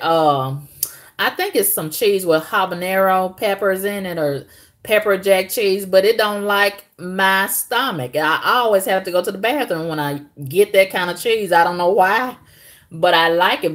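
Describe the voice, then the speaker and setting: A woman, chatting casually to her viewers, lively and acting out both sides of conversations. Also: medium pitch, measured pace. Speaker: vlogger.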